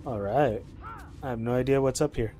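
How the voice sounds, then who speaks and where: A young man streaming live, rambling chattily about his game with excitable reactions. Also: mid-range voice, moderate pace, slight background noise. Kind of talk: live gameplay commentary.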